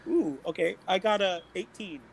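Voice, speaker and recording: A man's voice: sits high, normal speed, vocal fry, crowd noise, poor audio. A man playing a tabletop game, playful and giggly, joking in character. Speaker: player.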